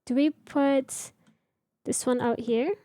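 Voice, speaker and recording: A woman's voice: sits high, steady tone, slow pace, warm tone. A young woman streamer chatting casually with her viewers while building in a game, rambling and answering chat.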